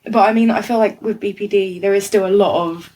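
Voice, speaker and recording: A young woman, co-hosting a podcast in rambling casual chat, full of "like" and quick laughs. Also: medium pitch, fairly even intonation, warm tone, low-quality recording. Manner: rambling, lots of "like", laughs often. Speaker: podcast co-host.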